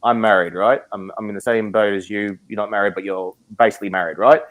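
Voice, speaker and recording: A man's voice: lowish voice, fairly even intonation, quick pace, fairly bright tone. Emotional man stammering in an argument. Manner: emotional, passionate, stammers and repeats himself. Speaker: watch community member. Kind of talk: heated live-stream argument.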